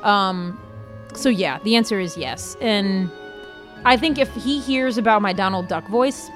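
A woman's voice: medium pitch, a little slow, faint music behind. Woman podcast co-host, casual and enthusiastic, mid-range voice. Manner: chatty, enthusiastic, laughs easily. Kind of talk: casual chat.

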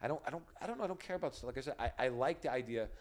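Fast-talking rambling man in his forties. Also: medium pitch, animated. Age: 40s. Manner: rapid, rambling, self-deprecating, trips over words. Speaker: guest. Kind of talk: casual chat.

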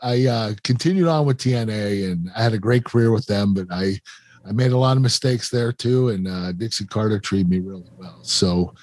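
A man's voice: on the low side, moderate pace, a little mellow, no room sound. A middle-aged man, the host of the show, earnestly telling a confessional story in an interview, with plenty of fillers. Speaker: show host and former wrestler.

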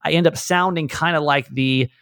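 A man's voice: a little high, fairly bright tone, dry recording, clean studio sound. A man hosting a podcast in casual chat, with a light Southern American accent, rambling and laughing easily. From Southern United States. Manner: rambling, chatty, quick laughs. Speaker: podcast host.

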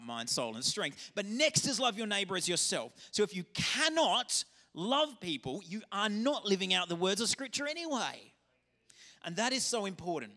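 A man, a pastor, preaching a lively, conversational sermon. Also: sits high. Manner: animated, conversational preaching with acted-out dialogue. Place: church auditorium.

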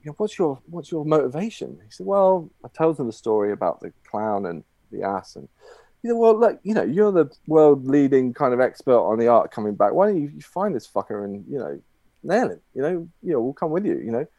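A man's voice: mid-range voice, very animated, fairly quick, mellow, no echo. Rambling man telling a long joke. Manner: rambling, many fillers and restarts. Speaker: guest.

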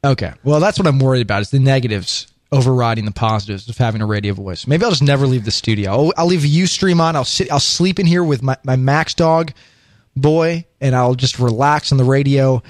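A man hosting a casual live studio chat show, with an animated, self-mocking radio announcer way of talking. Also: mid-range voice, fairly quick, no echo. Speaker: podcast host. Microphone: studio microphone.

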